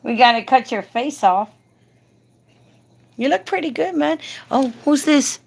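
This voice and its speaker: A woman's voice: sits high, expressive, unhurried, creaky, husky. A woman hosting a casual live stream, coaxing and doting as she talks to a man beside her.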